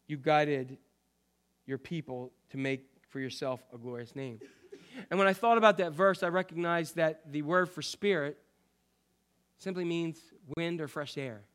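A man preaching a sermon as pastor, swinging from loud, emphatic lines to quiet, low asides. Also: clear, resonant tone.

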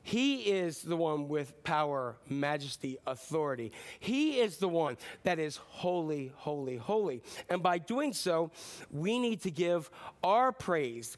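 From the pulpit, a pastor delivers a sermon in a voice lighter and higher than most men's. He is animated and playful, acting out voices and repeating words for emphasis.

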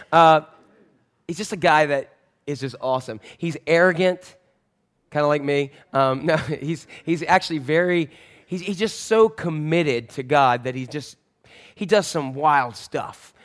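A fairly high-pitched male pastor preaches in church on a wireless mic, turning a Bible story into an animated, playful telling full of self-mockery.

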